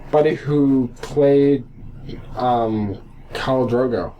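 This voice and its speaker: Young male co-host, mid-pitched voice, halting delivery with lots of repeats. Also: mellow, lo-fi sound, slight background noise. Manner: hesitant, stammers and repeats words. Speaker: podcast co-host. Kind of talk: casual chat.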